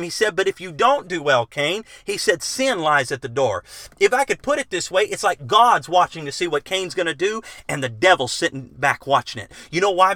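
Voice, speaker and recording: A middle-aged man with a high, sharp voice delivers a bible teaching sermon. He reads scripture aloud and explains it, putting earnest questions to his listeners. The sound is clean studio audio with no echo.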